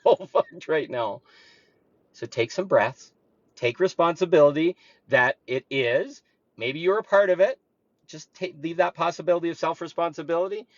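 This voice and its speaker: A man's voice: medium pitch, no room sound. A man speaking earnestly and with emphasis, coaching listeners in a reflective spiritual monologue. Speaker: spiritual talk host. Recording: dull, lo-fi dry recording.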